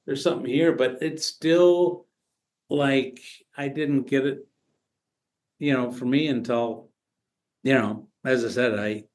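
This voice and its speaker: Brief: male podcast guest, mid-pitched, chatty, stumbling storyteller. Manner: halting, many restarts and fillers, animated retelling. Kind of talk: casual storytelling conversation.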